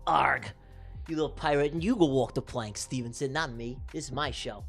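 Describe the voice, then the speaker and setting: A livestream host running giveaway races, calling them with excitable, teasing commentary and repeated catchphrases. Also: medium pitch, normal speed, creaky, soft background music. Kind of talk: playful live race commentary. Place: live stream broadcast.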